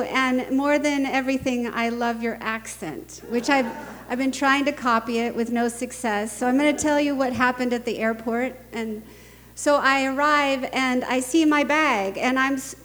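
A middle-aged woman speaking at a conference, telling anecdotes and jokes in an animated way and laughing often. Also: sits high, in a large hall. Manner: animated storytelling, laughs often, acts out quoted voices.

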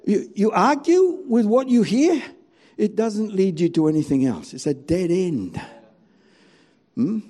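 A man preaching a sermon as a pastor, animated and full of rhetorical questions. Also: sits high, unhurried.

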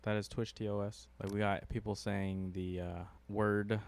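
A man's voice: on the low side, level tone, normal speed, darkish tone, slight background noise. A young man co-hosting a podcast in casual chat, rambling and laughing often. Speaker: podcast co-host.

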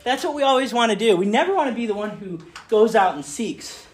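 A man in his thirties giving a playful church talk, telling stories with lots of fillers and bursting into loud, excited acted asides. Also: high voice, quick pace, few pauses. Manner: chatty, many fillers like "um" and "like". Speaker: speaker giving a children's message. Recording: roomy echo.

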